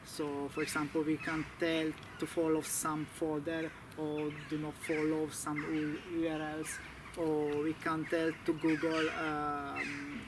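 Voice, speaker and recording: Man, Italian accent, non-native English, halting, slow-paced, noisy background. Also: a little high, completely flat delivery. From Italy. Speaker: guest. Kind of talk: casual interview.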